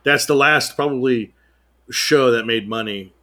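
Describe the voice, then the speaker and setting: A man's voice: mid-range voice, measured pace, bright, forceful tone. A man co-hosting a podcast in casual chat, crude and jokey, slipping into mock British voices. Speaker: podcast co-host.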